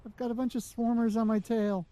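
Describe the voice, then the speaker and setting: A woman hosting a gaming livestream, chatty and excitable as she plays. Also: a little high, fairly quick. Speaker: host and gamer. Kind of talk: casual livestream gaming chat.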